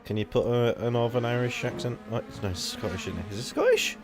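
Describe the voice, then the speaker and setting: A man's voice: fast, slight background noise. A young man commentating an online racing league live, rambling and casual, swearing freely and jumping up when the action heats up. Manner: excitable, rambling, swears casually, jumps to high excited pitch.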